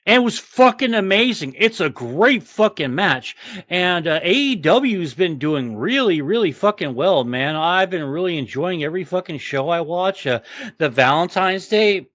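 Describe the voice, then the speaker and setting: Profane, rambling man, fairly high voice. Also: lively intonation, normal speed, a bit bright, dry recording. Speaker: podcast host. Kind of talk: casual chat.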